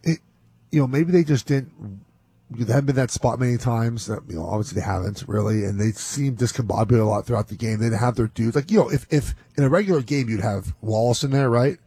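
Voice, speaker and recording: A man co-hosting a sports betting podcast, rambling and animated, with many restarts. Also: medium pitch, quick pace, husky, dry recording. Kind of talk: casual sports chat.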